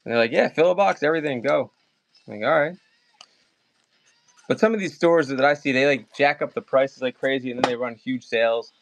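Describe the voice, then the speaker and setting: A man's voice: medium pitch, a little hiss or hum. Chatty Maryland man running a live auction. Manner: chatty, rambling, calls bids fast. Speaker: livestream seller. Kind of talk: casual live auction chat.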